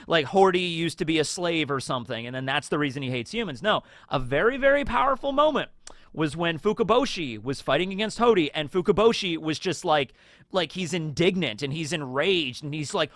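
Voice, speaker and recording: A man's voice: a little high, expressive, fairly quick, a bit bright, dry recording. A man hosting a casual anime fan video, talking enthusiastically and rambling with many fillers.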